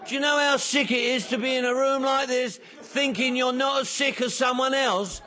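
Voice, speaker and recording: A man's voice: very high voice, moderate pace, some chatter behind. A man speaking at a recovery meeting, telling his own story with humor and acting out the dialogue. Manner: lively storyteller who acts out dialogue and jokes about himself. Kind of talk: humorous personal testimony to an audience.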